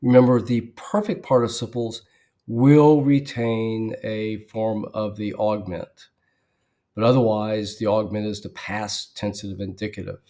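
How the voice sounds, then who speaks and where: Slow, methodical male teacher. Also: on the low side, level tone, dark tone. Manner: methodical, pauses to spell out letters; often clears throat mid-sentence. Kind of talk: verse-by-verse teaching.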